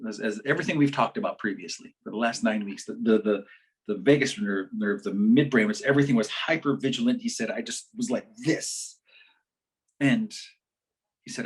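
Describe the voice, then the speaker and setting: A man's voice: on the low side, normal speed, slightly rough, poor audio. A man giving a community health talk, telling a story in a conversational way, often restarting and quoting what others said. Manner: conversational, repeats words and restarts, quotes others. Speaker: health educator. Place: online community forum session.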